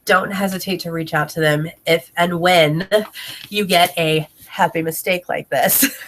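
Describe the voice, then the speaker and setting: A direct sales consultant with a low-ish, slightly bright voice sells home products in a casual video tutorial, speaking at a measured pace and sounding a bit congested. Talking to her camera mic at home, she tells a chatty story, laughs often, and breaks off between sentences to talk to her child.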